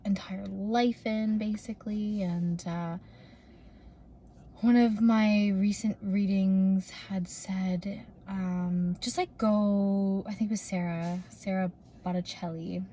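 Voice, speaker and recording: A woman's voice: mid-range voice, steady tone, slow pace, mellow. A young adult woman vlogging casually from her car, rambling with lots of fillers and restarts, recorded on a propped-up phone. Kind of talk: casual vlog chat. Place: in a parked car.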